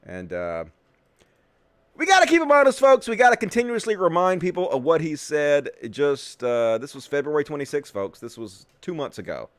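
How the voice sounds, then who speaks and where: A man's voice: on the high side, wildly swooping pitch, normal speed, smooth, dry recording. Sarcastic, swearing male show host. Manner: profane, sarcastic ranting. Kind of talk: political commentary show.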